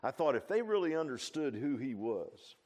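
A man preaching an informal sermon as pastor, animated and folksy, tossing in laughs and rhetorical asides. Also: mid-range voice, normal speed.

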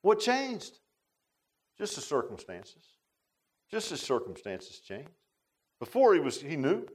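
A man's voice: fairly high pitch, huge pitch swings, slow, husky. A man teaching a Bible study class in a casual, folksy sermon style, often asking his listeners questions.

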